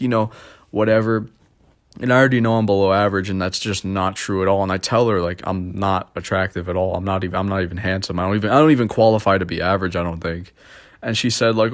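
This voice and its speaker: A man's voice: on the low side, fairly quick. A young adult man rambling self-deprecatingly in a casual vlog monologue. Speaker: vlogger.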